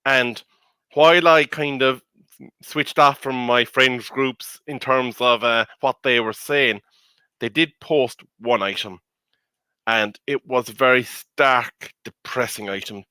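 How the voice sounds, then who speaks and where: A man co-hosts a casual football discussion, laying out his views in a measured, articulate way. His voice is bright and sharp. It sounds dry and close, with no room echo. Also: medium pitch, fairly even intonation, clear, resonant tone. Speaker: co-host pundit.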